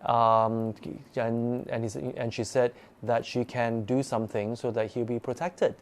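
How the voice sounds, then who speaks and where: A man recounts an eerie experience in a relaxed, conversational way. He talks with lively animation and often repeats words as he builds the tale. His voice sits at a middle pitch. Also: measured pace. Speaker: guest storyteller. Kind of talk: casual spoken ghost story.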